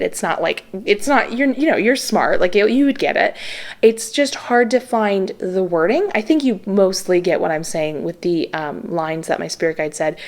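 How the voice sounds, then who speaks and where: A woman's voice: mid-range voice, darkish tone. A young woman giving a casual tarot reading, speaking earnestly and rambling, with frequent fillers and restarts. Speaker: tarot reader.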